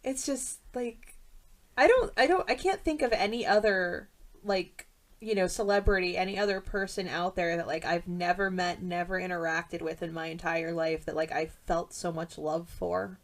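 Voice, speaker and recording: A woman's voice: lowish voice, moderate pace. A young woman co-hosting a podcast, talking heartfelt and rambling, with lots of "like". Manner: heartfelt, rambling, heavy use of "like". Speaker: podcast co-host. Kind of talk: casual chat.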